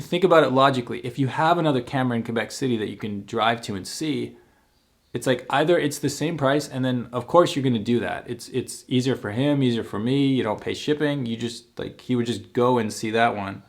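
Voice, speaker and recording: A young man vlogging, telling a personal story in a casual, animated way, acting out the quoted lines and using lots of fillers and restarts. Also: mid-range voice, brisk, creaky.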